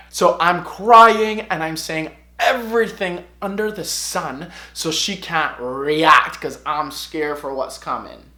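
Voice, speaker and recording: A man's voice: on the high side, measured pace, hardly any pauses, sharp tone. A man in his twenties telling a personal story to camera. He talks expressively and often asks himself questions, then answers them. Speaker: vlogger. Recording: echoey room.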